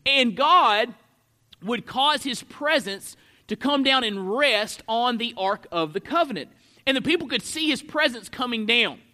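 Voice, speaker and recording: A man preaching in a very high, sharp voice. He reads the passage and teaches from it, swelling on single words, then dropping back to let them land. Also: expressive, measured pace. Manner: emphatic, stretches key words with sudden swells in loudness. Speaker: pastor. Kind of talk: expository sermon.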